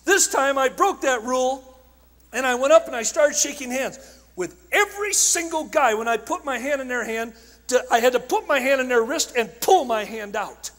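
A man preaching at a conference, telling stories with passion, shouting at times and dropping to a hush at others. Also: extremely high pitch, animated, normal speed. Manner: impassioned storytelling, swinging from shouts to hushed tones. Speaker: evangelist speaker. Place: large conference hall. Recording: long hall reverb.

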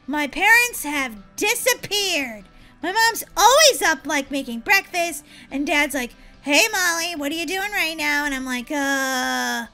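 Brief: woman voicing hyper little girl, high, very bright, chatty game role-play. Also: exaggerated voice. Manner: chatty, excitable, talks to herself, giggly. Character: excitable young girl Molly. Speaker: roleplay gamer.

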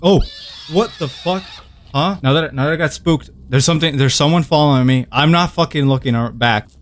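A man's voice: on the high side, brisk, slight background noise. A young man giving jumpy, cursing commentary while playing a horror game, rambling and poking fun at himself. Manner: jumpy, swears a lot, easily startled; rambling, self-mocking venting. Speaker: gaming video creator.

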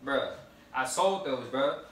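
A man's voice: medium pitch, animated, slow, fairly bright tone. A young man pulling a prank on his brother, teasing and taunting him in casual banter. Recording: roomy, far from mic, faint noise.

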